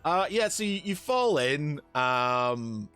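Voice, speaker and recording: Halting male game master. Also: on the high side, sing-song, fairly bright tone, smooth. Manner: halting, lots of fillers and restarts. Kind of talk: narrating a tabletop game.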